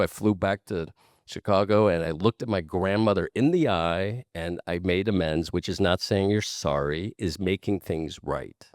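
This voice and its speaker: A man's voice: deep voice, a little mellow, no room sound, studio quality. A man speaking as a guest in a candid conversation, earnest and repeating points for emphasis, with casual swearing.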